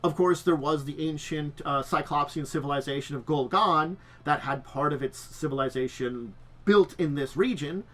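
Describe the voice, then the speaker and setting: A man's voice: a little high, moderate pace, fairly bright tone. A man hosting a tabletop lore stream, chatty and rambling, with frequent restarts. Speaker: host.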